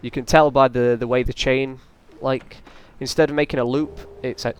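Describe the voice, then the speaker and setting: A man's voice: medium pitch, little pitch movement, normal speed, a little hiss or hum. Chatty man doing let's play commentary. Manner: casual, rambling, taunts enemies on screen. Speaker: gaming channel host.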